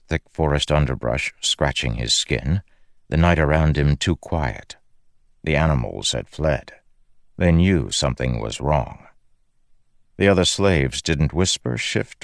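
A man narrating an audiobook in a measured, grave storytelling manner. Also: very deep voice, creaky, no room sound, clean studio sound.

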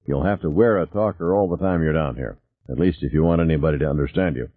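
A man's voice: rumbling low, fast, narrow, tinny audio. A man voicing a curt male commander giving orders over an intercom. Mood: stern.

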